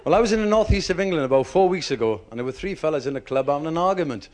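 Male stand-up comic, fast talker, slightly high voice, matter-of-fact. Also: lively intonation, darkish tone. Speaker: stand-up comedian. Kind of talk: club stand-up joke telling.

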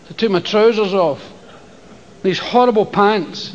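An older Scottish comedian's high-pitched voice comes through unhurried, with frequent pauses, as he performs a profane story on stage, acting out voices and screams. It's a lo-fi recording of a live comedy show, complete with audience and noise.

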